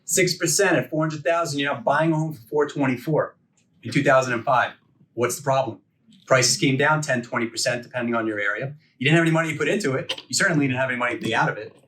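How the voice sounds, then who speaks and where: A man's voice: mid-range voice, fast talker, a bit bright, a little hiss or hum. A man in his forties teaching a continuing education course in a conversational lecture, firing off rhetorical questions and checking in with "okay?" and "right?". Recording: voice a bit distant from the mic.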